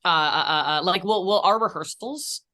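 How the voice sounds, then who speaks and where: A woman, an actress, chatting as an interview guest, telling animated stories and swearing casually. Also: fairly low pitch, normal speed. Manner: animated storytelling, swears, laughs. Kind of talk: casual chat.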